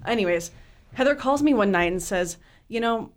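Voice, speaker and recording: A woman in her forties telling a story in casual chat, animated and laughing, jumping into squeaky voices for her younger self. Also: fairly quick. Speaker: guest storyteller.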